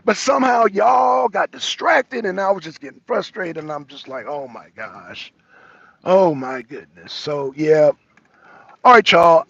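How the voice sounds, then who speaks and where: A man with a high, husky voice and a gravelly edge talks in a loose, animated way, spinning a street-wise story for his co-hosts. He calls in on the move from outdoors, and the sound is dry and dull, like lo-fi phone audio. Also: no room sound. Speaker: show co-host. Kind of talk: casual live-show chat. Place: walking outdoors, arriving somewhere.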